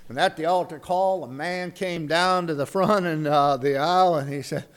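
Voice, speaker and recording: A man's voice: a little high, normal speed, clean tone. A male pastor preaching a sermon with folksy, humorous storytelling.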